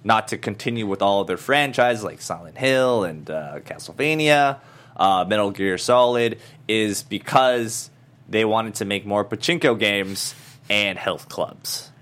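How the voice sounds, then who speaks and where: A man co-hosting a casual podcast chat, animated and quick with jokes and reactions. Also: lowish voice. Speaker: podcast co-host.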